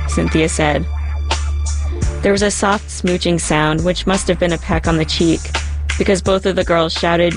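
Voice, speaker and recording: Woman storyteller, low voice, calm memoir read with music behind. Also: normal speed. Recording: narration over music.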